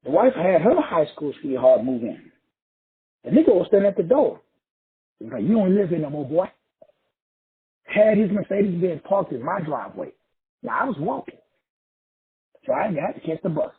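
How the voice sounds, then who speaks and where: Raspy, lively-voiced man preaching profanely. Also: fairly high pitch, moderate pace, pauses often. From Texas, USA. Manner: profane, emphatic, repeats phrases for effect. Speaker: motivational speaker. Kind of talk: preachy motivational monologue. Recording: tinny phone-like audio.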